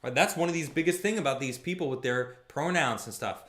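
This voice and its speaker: A young man hosting a live stream, reading chat messages aloud and chatting casually, shifting between jokey and somber. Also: on the high side. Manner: chatty, animated, quick mood swings from jokey to somber.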